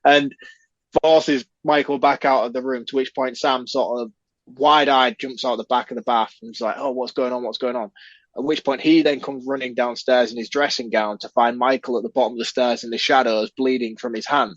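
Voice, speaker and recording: A man chats through a film's plot for a podcast, now and then jumping into the characters' voices. His voice sits at a middle pitch. The recording is dry and a little dull. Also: steady tone, brisk, no echo. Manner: retells scenes, acting out characters' lines with a raised voice. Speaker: podcast co-host. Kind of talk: casual film review chat.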